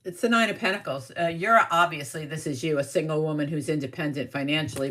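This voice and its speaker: A middle-aged woman from the New York area, a tarot reader telling stories in a casual, animated, rambling way during a live reading. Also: low-pitched, fast. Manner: animated, rambling storyteller with asides.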